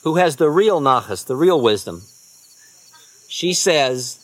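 A man, a spiritual teacher, telling unhurried rambling anecdotes with soft trailing asides. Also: fairly high pitch, sing-song, no echo. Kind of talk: storytelling talk.

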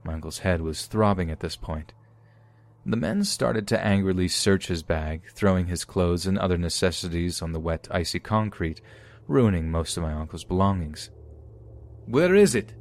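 A man narrating true horror stories in a steady, scripted reading. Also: low voice, moderate pace. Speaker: podcast narrator.

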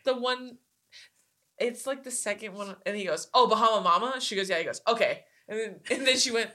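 A woman's voice: a little high, a little fast, background noise. A woman co-hosting a podcast, telling stories in casual chat and acting out the people she quotes. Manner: animated storyteller, acts out quotes, swears. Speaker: podcast co-host.

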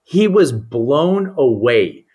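A man, a mental performance coach and podcast guest, telling a story in an animated way and acting out the people he quotes. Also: mid-range voice, very slow, breathy edge.

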